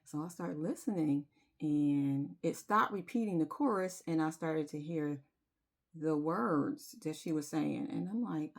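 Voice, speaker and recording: A woman, telling her viewers a personal story in a confiding, emotional way and singing bits of a chorus. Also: sits low. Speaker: spiritual vlogger.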